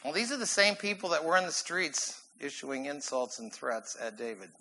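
A man preaching a sermon in an animated, emphatic way, often laughing as he goes. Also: fairly high pitch, normal speed, slight background noise, poor audio. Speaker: pastor.

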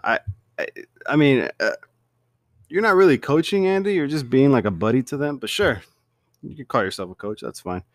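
Animated man recapping a show, dry sound. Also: medium pitch, moderate pace, no echo. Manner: animated, laughs often, acts out quotes. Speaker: TV show reviewer. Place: at home.

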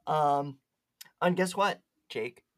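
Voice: medium pitch, takes it slowly, fairly bright tone. A podcast co-host in casual chat, giggling often and reading chat logs aloud with lots of "um" and "like".

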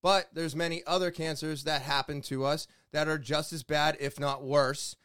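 A man hosting a casual podcast, with a fairly high, smooth, clear voice. He speaks supportively and encourages his guest to open up. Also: steady tone, normal speed, fairly bright tone. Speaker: podcast host.

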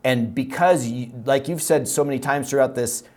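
A man hosting a podcast interview, speaking earnestly and slowly with frequent restarts. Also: mid-range voice, a little mellow. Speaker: podcast host. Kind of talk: conversational interview.

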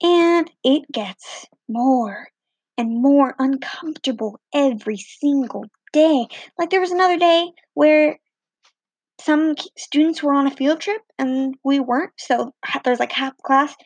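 A teenage girl telling a story in a chatty, animated way, acting out the other people's lines with different voices. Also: sits high, unhurried, no room sound. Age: teens. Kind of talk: casual storytelling.

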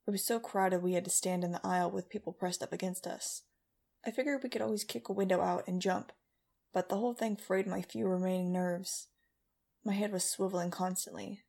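Casting: woman audiobook narrator, wry first-person storyteller, gravelly edge, mid pitch. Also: a little mellow. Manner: wry, brisk storytelling with voiced dialogue.

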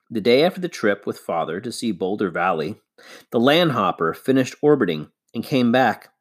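A man reading a children's novel aloud, measured and expressive. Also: medium pitch. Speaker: reader.

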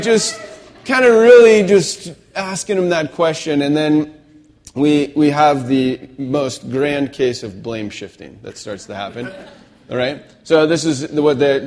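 In a slightly high voice with a darkish tone, a male pastor gives his sermon conversationally, often pausing to check in with the people listening.

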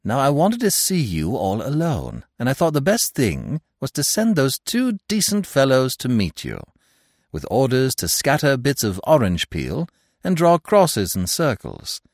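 Arsène Lupin, a man doing a teasing gentleman thief. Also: medium pitch, huge pitch swings, measured pace, dry recording, clean studio sound, heavily acted. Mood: playful. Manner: playful, mock-affectionate, chatty.

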